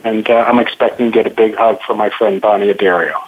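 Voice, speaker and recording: A man calling in as a guest, earnest and halting with fillers. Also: lowish voice, steady tone, a crowd in the background. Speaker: guest caller. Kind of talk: phone interview. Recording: tinny phone line.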